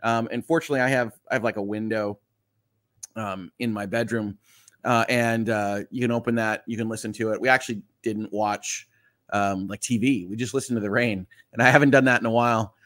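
A man's voice: lowish voice, fairly even intonation, brisk, fairly bright tone. A man from Michigan hosting a casual morning livestream, chatty and reading viewer comments aloud with quips. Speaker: livestream host.

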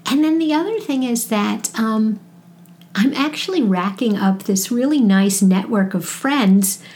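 A woman's voice: a little high, animated, measured pace, a little mellow, a little hiss or hum. Chatty woman with a Brooklyn accent. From New York. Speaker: podcast guest, marketing educator. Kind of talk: casual interview chat.

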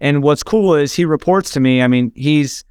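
A man's voice: on the high side, normal speed, darkish tone, smooth, no echo, studio quality. Earnest man telling a personal story. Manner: earnest, emotional, frequent restarts. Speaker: podcast guest.

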